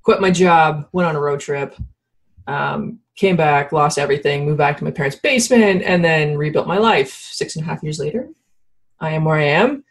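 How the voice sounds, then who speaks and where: A woman's voice: sits low, normal speed. A woman from Canada hosting a casual podcast interview, chatty and laughing often, with a sleepy early-morning voice. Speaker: podcast host. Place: home studio in Ottawa.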